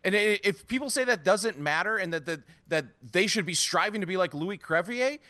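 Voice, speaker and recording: A man's voice: high voice, lively intonation, a little fast, sharp tone, no echo. A man co-hosting a casual sports podcast, ranting bluntly with some profanity. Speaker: podcast co-host.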